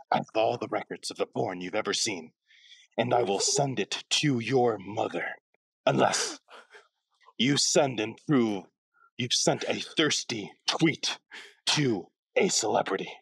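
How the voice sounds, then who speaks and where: A man putting on a menacing male puppet-master villain voice, slow and deliberate, in a comic podcast bit. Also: fairly bright tone, no room sound, full character voice. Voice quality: low gravelly rasp.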